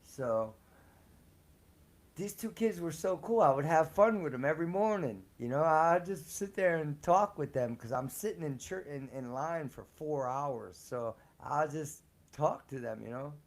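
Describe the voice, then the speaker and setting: A man's voice: fairly high pitch, animated, measured pace. A man casually telling personal stories, slangy and profane, laughing often. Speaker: storyteller on a live show. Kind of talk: casual storytelling.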